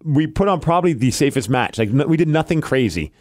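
A man's voice: a little high, quick pace. A man co-hosting a podcast, telling a story in casual chat and acting out quotes as he goes. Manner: animated storyteller, acts out quotes. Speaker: podcast co-host.

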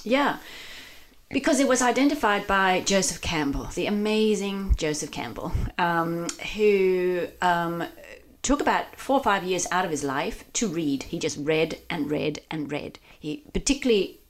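Danish-accented woman, lowish voice. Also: lively intonation, unhurried. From Denmark. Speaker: mindfulness coach and author. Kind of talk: casual interview chat.

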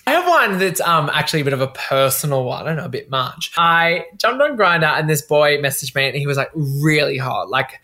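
A man's voice: a little high, very animated, brisk, few pauses, bright, forceful tone. A young gay man co-hosting a podcast, telling rambling, self-mocking stories in casual comic chat. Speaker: podcast co-host.

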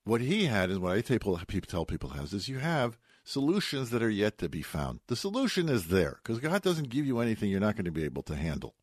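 A man preaching on the weekly Bible portion in a low, husky voice that swings widely in pitch. He tells it like a story, with homespun asides and Hebrew words mixed in. The sound is dry and close, with no room around him. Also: wildly swooping pitch, quick pace, hardly any pauses, no echo. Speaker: rabbi giving a weekly Torah talk. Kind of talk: radio sermon on the weekly portion.

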